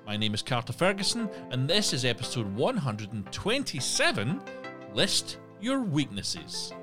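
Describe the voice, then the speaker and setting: A man's voice: medium pitch, huge pitch swings, unhurried, music in the background. A man hosting a solo podcast, talking casually with asides and restarts. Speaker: podcast host.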